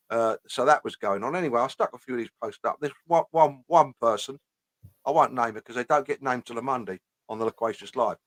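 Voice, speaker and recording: Casting: blunt man, mid-pitched, dry close sound, casual ranting host. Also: fairly quick, no echo. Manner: blunt, swears often, repeats "you know what I mean".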